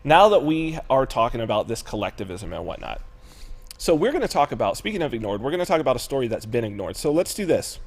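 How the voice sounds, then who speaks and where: A man's voice: medium pitch, sing-song, quick pace, gravelly. A man hosting a live talk show, chatting casually, swearing freely and acting out other people in exaggerated voices. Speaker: show host.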